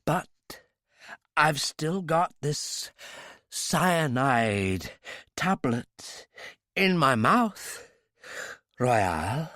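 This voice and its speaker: A male narrator puts on a merciless hero bent over his captive. He speaks slowly and quietly, with chilling calm and lively pitch, recorded dry and close. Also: no room sound, heavily acted. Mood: cold menace. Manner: quiet, implacable, menacing. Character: cold, ruthless male hero interrogating a captive.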